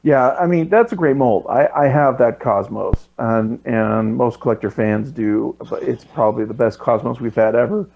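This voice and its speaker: A man with a gravelly, fry-laden voice chats on a podcast, cracking jokes and halting often on filler words. The recording is dull and lo-fi. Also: medium pitch. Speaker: podcast co-host. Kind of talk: casual chat. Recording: dull lo-fi mic.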